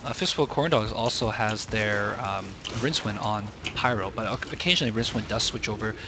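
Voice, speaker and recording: A man's voice: on the low side, brisk, background noise. A young man commentating a video game match in a casual, chatty way, thinking aloud and often restarting his sentences.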